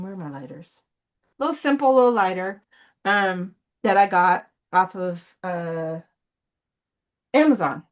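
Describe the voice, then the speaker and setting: Earnest woman preaching with blunt urgency. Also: medium pitch. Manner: earnest, pleading, blunt, at times profane; rambling, with many fillers and restarts. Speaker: ministry coach. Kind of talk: emotional motivational preaching.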